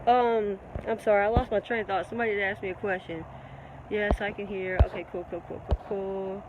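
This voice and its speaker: A woman hosts a casual live-stream Q&A, slightly congested, talking in an animated, preachy way and calling her listeners baby. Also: mid-range voice, fairly quick, muffled recording, very noisy. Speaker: livestream host answering viewer questions.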